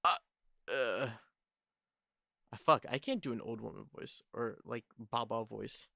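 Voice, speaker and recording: A man's voice: medium pitch, a little slow, gravelly, long pauses, pushed and bright, dry recording, clean studio sound. A man streaming a game playthrough, reading the dialogue aloud and cracking crude jokes in casual commentary.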